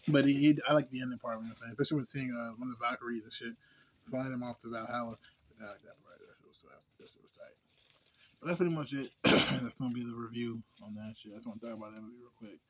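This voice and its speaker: A man's voice: medium pitch, fairly even intonation, rapid-fire, a little hiss or hum. A man giving a casual movie review, laid-back and slangy, rambling with lots of fillers and laughs. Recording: dull lo-fi recording.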